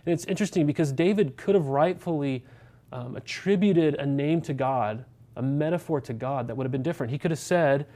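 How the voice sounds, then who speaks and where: A man's voice: on the high side, fairly quick, mellow. A man, a pastor preaching a sermon in a conversational way, asking many rhetorical questions and checking in with the congregation.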